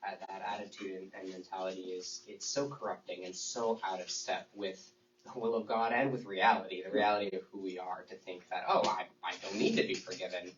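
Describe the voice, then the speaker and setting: Deep, flat-voiced man in an echoey room. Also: fairly quick. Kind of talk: sermon discussion. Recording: echoey, muffled, noisy room recording.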